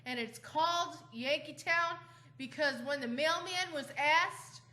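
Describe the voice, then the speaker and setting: A woman's voice: sits high, unhurried, bright, forceful tone. A woman co-hosting a home vlog, giving short, plain factual answers. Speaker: co-host reading facts. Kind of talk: casual chat.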